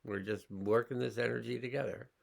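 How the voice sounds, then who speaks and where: A man teaching a healing class, slowly and calmly talking listeners through sensing their body and emotions. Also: medium pitch, vocal fry. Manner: slow, calm, pausing, guiding listeners' awareness. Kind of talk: slow guided healing demonstration.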